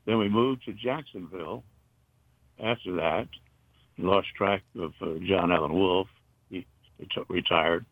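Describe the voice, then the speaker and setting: An older man from North Carolina, a retired broadcaster, reminiscing in a halting, rambling way with many fillers. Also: deep voice, no echo. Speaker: interview guest, retired broadcaster. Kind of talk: casual reminiscing. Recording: dull, muffled dry recording.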